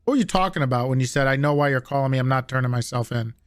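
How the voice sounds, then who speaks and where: A man playing a methodical prosecutor in an improvised game roleplay, questioning slowly with hesitant fillers. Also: mid-range voice, dry recording, clean studio sound, lightly acted.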